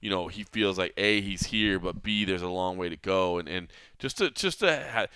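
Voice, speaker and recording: A man's voice: low voice, moderate pace, sharp tone, smooth, no room sound. A man hosting an MMA podcast, talking in an earnest, reflective way with frequent restarts. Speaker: podcast host. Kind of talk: casual MMA podcast talk.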